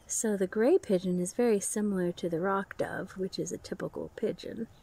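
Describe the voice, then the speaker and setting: A bird sanctuary caretaker talks fondly to her pet bird outside in the sunshine, cooing praise at it. Her mid-range voice moves at a moderate pace and sounds warm, creaky, and a bit breathy. Other birds can be heard calling and cooing around her.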